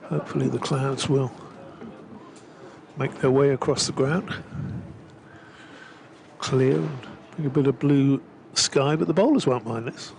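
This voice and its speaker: A man's voice: medium pitch, a little slow, vocal fry, pauses often, darkish tone, a little hiss or hum. A man giving live, rambling cricket commentary with lots of fillers, from a gazebo at the ground. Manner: chatty, rambling with frequent fillers.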